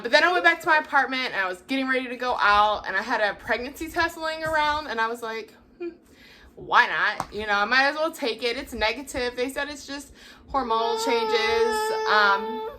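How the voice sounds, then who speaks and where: A woman's voice: on the high side, pushed and bright. A young woman hosting a vlog, chatting casually and laughing often as she acts out what people said. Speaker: vlog host. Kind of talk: casual storytelling.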